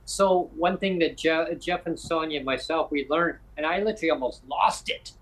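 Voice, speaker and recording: A man from Canada hosts a casual podcast, his voice sitting a little high for a man. He talks in an animated, rambling way, restarting sentences as his thoughts run ahead. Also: normal speed, poor audio. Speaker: podcast host.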